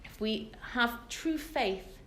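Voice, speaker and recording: A woman's voice: fairly high pitch, lively intonation, takes it slowly, fairly bright tone. A British woman giving a women's Torah class, telling the story earnestly and with emphasis to a live group. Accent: British English. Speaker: religious teacher. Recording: echoey room.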